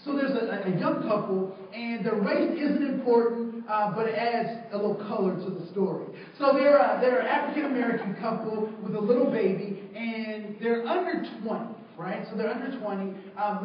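A trainer telling a story to a group, a man with a very high voice who acts out each person's lines. He sounds far from the mic in a roomy, echoing space. The recording is dull and lo-fi. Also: fairly quick, few pauses, slight background noise. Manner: animated storyteller, acts out the dialogue. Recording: echoey, distant, dull sound.

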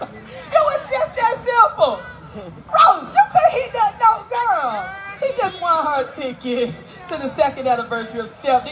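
A woman emceeing a live outdoor community event on a handheld mic, teasing and working the crowd loudly. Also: high-pitched, rough recording. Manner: playful, teasing, loud crowd-work. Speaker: event emcee and radio host. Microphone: handheld microphone.

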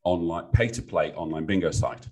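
A middle-aged man with a British accent and a very low voice talks through business stories on a podcast. He tells them with life, slipping into the voices of clients and colleagues. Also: normal speed. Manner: animated storyteller, acts out clients' voices. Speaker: business sounding board. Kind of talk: podcast interview guest.

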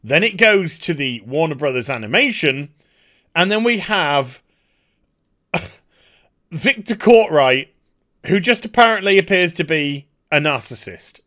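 A man's voice: a little high, sing-song, measured pace, pauses often, pushed and bright. A man, a YouTube commentator, giving a sarcastic, exasperated rant with some swearing. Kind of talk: ranting commentary.

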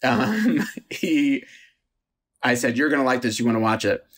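A man's voice: mid-range voice, sing-song, a little slow, a bit bright. Self-deprecating man telling stories. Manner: storytelling with restarts and chuckles, self-deprecating. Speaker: podcast guest, actor. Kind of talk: casual anecdote telling.

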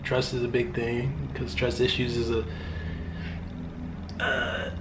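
A man's voice: medium pitch, level tone, slow, noisy background. A young man answering fan questions in a casual vlog, joking and rambling in loose, slangy talk. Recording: roomy room with faint ambience.

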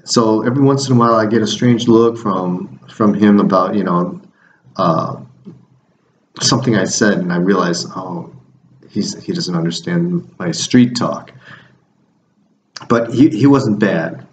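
A man's voice: lowish voice, a little slow, roomy sound, slight background noise, poor audio. A man who coaches fencing, talking through his week in a casual, rambling video diary with many restarts.

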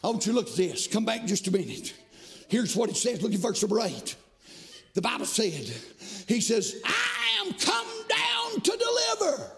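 A man preaching a fiery sermon in a church, shouting in a sing-song cadence with frequent amens. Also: high voice, expressive, moderate pace, gravelly, faint music behind. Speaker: pastor. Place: church sanctuary.

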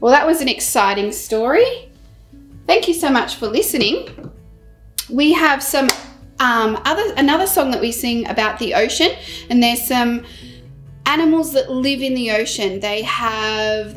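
Woman, children's presenter, storybook reading, high voice, faint music behind. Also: unhurried. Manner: animated and expressive.

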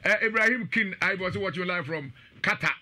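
Male radio host, high bright voice, animated banter and viewer shout-outs. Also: fairly quick. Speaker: radio and live-stream host. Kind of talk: lively presenter banter, reading live comments.

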